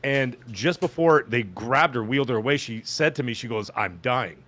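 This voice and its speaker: Guy hosting a podcast, mid-pitch voice, animated storytelling, jumps up high when he quotes people. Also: normal speed. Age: adult with children. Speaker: podcast host. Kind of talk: casual storytelling chat.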